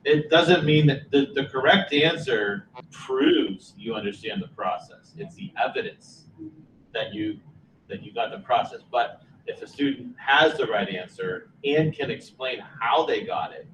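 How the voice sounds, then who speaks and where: A man presenting at a meeting, measured and explanatory. His voice is picked up from across a reverberant room with faint background noise. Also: mid-range voice, expressive, fairly bright tone. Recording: distant mic in echoey room.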